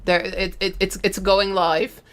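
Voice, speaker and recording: A young woman streaming a live reaction, excitable and gushing, exclaiming and swearing as she reacts. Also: medium pitch, unhurried, a little hiss or hum.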